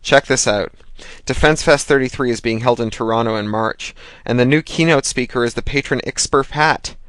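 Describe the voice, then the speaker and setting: A man's voice: medium pitch, moderate pace, fairly bright tone, dry recording, lightly acted. A man reading an audiobook, voicing a pushy, gushing male activist friend who swears freely. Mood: eager.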